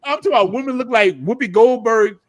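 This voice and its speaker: A man's voice: very high voice, fast, dry recording. A man hosting a casual livestream chat, telling stories and laughing often. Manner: animated storytelling, laughs often. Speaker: host.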